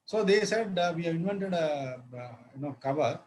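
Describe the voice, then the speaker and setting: A man giving a law lecture, halting often with fillers and restarts and spelling words out. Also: fairly high pitch, lively intonation, darkish tone, a little hiss or hum, rough recording.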